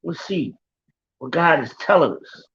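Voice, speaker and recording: A man's voice: fairly high pitch, animated, a little slow, a bit bright. A man teaching from scripture in an informal, emphatic way, repeating his points and talking straight to his listeners. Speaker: Bible teacher. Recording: dull lo-fi recording.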